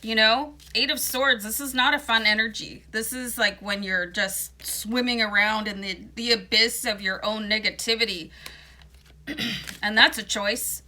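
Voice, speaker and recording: Woman tarot reader, bright forceful tone, slight morning voice, talks in a loose, reassuring way. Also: fairly high pitch, fairly even intonation, unhurried. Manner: chatty, reassuring, many fillers. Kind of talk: casual tarot card reading.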